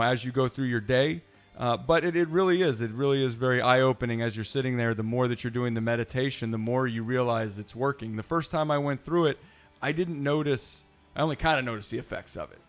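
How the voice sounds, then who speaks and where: A man hosting a casual podcast, talking in a rambling, playful way with many fillers. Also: medium pitch. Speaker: podcast host.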